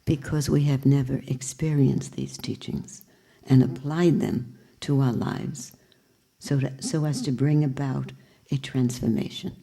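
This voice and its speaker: Older female spiritual teacher, low warm voice, reflective, questioning, lightly humorous. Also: fairly even intonation, a little slow, vocal fry, slightly rough. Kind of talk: spiritual talk to a group.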